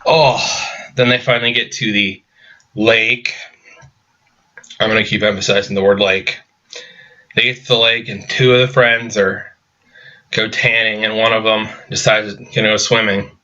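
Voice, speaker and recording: Male reviewer, sarcastic and rambling with restarts; bright, forceful voice on a muffled recording. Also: lowish voice, fairly even intonation, normal speed. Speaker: movie reviewer. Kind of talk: casual video review.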